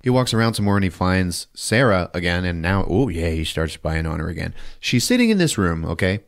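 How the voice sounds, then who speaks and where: Low-voiced, animated man recapping a movie. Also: brisk. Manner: profane, laughing, animated storyteller. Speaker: podcast host.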